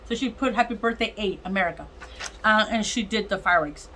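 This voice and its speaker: A woman casually telling a heartfelt personal testimony, animated and emotional, acting out what others said. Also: mid-range voice, brisk, slight background noise, rough recording. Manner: animated, emotional, acts out other people's lines. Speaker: vlogger sharing a testimony.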